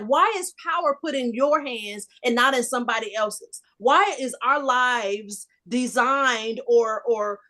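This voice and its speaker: A woman in her fifties telling a personal story in a casual group discussion, animated and emphatic. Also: on the high side. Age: 50s. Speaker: discussion panelist.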